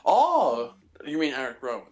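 Co-host, joking, easy chat, muffled lo-fi mic. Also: male voice, medium pitch, huge pitch swings, moderate pace, crowd noise. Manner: joking, laughs often. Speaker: podcast co-host. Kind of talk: casual chat.

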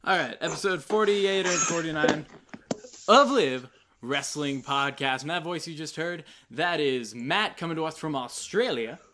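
A man hosts a casual podcast with a wry, joking way of talking. His voice sits a little on the high side, and faint noise and clicks can be heard under it. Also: normal speed, sharp tone. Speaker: podcast host.

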